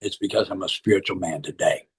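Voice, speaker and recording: A man's voice: low voice, fast talker, slightly rough. A middle-aged man, speaking earnestly and emphatically as he gives personal testimony to a recovery group, repeating key phrases.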